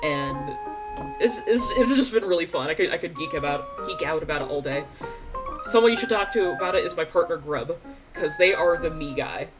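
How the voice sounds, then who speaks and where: A chatty woman streamer talks enthusiastically in a low voice, tripping over repeated words. Her nose is stuffy, and game music plays behind her. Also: expressive, quick pace, poor audio. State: congested. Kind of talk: casual chat while playing a game.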